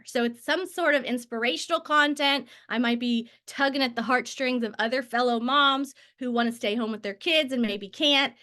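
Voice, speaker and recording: A woman in her thirties teaches a casual session, running off on tangents and filling gaps with "like" and "um". Her voice sits high and comes across bright and forceful. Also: moderate pace, few pauses. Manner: chatty, tangents and filler words. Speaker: network marketing trainer. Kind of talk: casual training talk.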